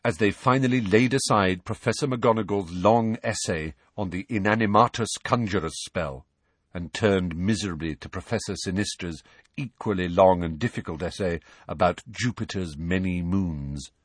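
A man narrating an audiobook with measured storytelling. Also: sits low, slightly rough, no echo.

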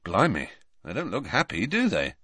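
A man's voice: fairly low pitch, huge pitch swings, moderate pace, sharp tone, no echo, clean studio sound, full character voice. A man voicing a fretful, blunt teenage boy in an audiobook. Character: nervous, gangly teenage boy student.

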